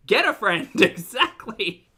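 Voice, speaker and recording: Sarcastic bright-voiced woman streamer. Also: mid-range voice, breathy edge. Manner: sarcastic, mocking asides. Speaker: commentary streamer. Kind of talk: reaction stream commentary.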